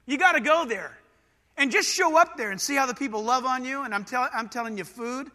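This middle-aged Southern California pastor delivers an animated, conversational sermon, shifting between loud outbursts and quiet asides. His pitch is extremely high, his pace moderate, and the sound has a big-room quality.

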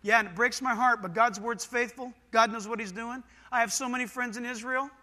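In a large hall, a middle-aged pastor from Southern California preaches with an extremely high pitch at a fairly quick clip. His delivery is animated and conversational, veering from loud bursts to quiet asides.

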